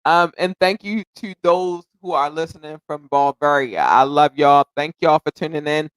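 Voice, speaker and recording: A man's voice: fairly high pitch, normal speed, smooth, dry recording, rough recording. A man hosting his own podcast in a casual solo chat, talking in an effusive, grateful way and rambling, sometimes tongue-tied. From United States. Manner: effusive and grateful, repeating thanks and shout-outs; rambling, self-correcting, occasionally tongue-tied. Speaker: podcast host.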